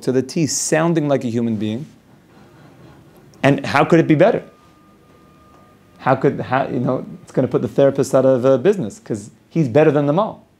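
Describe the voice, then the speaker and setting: A man's voice: medium pitch, a little mellow. A man who is a rabbi teaching an informal Torah class. He explains ideas through long worked examples and often restarts his sentences.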